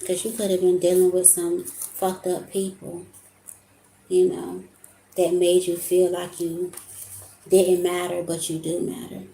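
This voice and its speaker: A woman's voice: lowish voice, completely flat delivery, unhurried, creaky, warm tone. A young adult woman giving an emotional, casual tarot reading, talking to her viewers as y'all. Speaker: tarot reader. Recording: echoey room with faint ambience.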